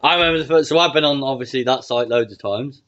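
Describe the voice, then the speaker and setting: A man co-hosts a podcast in a casual chat, mostly giving short replies and swearing now and then. His voice is middle-pitched. The recording is dull and lo-fi, with faint noise behind it. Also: quick pace, fairly bright tone.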